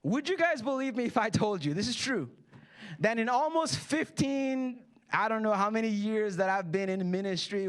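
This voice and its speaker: High-voiced playful preacher man. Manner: playful, jokey preaching with acted-out quotes. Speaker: pastor. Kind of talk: sermon. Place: church hall.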